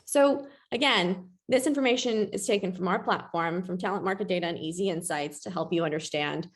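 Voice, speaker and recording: A woman's voice: fairly low pitch, fairly quick. A woman presenting a webinar in a chatty, self-deprecating way, with a ready laugh.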